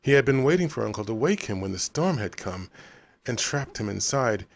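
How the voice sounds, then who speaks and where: A man reading a novel aloud as an audiobook narrator, in a measured, even storytelling manner. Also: medium pitch, vocal fry, no echo.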